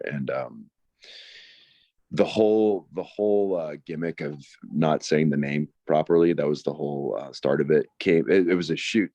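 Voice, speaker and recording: A man with an extremely deep, low voice answers interview questions. He speaks haltingly, with frequent ums and restarts. The sound is dry and close, with no room echo. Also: warm tone. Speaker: wrestler guest.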